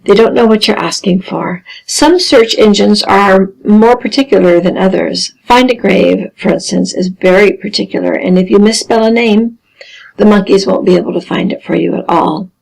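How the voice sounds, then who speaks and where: A woman teaching a genealogy lesson, explaining carefully with dry deadpan humor. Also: mid-range voice, normal speed, vocal fry, rough recording. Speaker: genealogy instructor. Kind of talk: recorded lesson over slides.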